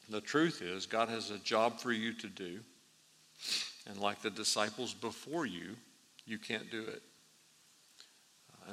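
Bright-voiced preacher man in a reverberant hall. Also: fairly low pitch. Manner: animated storyteller, laughs at his own story. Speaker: pastor. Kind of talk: sermon with storytelling.

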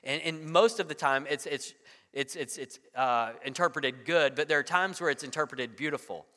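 Male pastor, 30s, chatty sermon delivery with stumbles and "right?" asides, bright tone, echoing hall. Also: a little high, normal speed. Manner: conversational, repeats words, frequent "right?". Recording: long hall reverb.

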